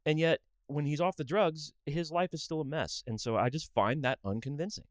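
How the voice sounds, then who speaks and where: A man's voice: fairly high pitch, normal speed, hardly any pauses, dry recording, clean studio sound. A man co-hosting a podcast, arguing his views in a casual but emphatic, preachy way. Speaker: podcast co-host. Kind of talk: casual opinionated chat.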